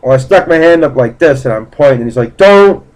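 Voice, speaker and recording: Talking fast in a darkish, medium-pitched voice, a male vlogger rambles through a personal story with fillers and restarts. His indignant retelling is blunt and profane, and the audio quality is rough.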